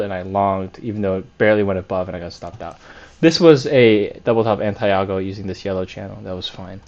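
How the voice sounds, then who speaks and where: A man's voice: fairly low pitch, darkish tone, dull audio. A man reviewing his week of trades on a chart, candid and self-critical, thinking aloud with fillers and restarts. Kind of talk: screen-share trade review.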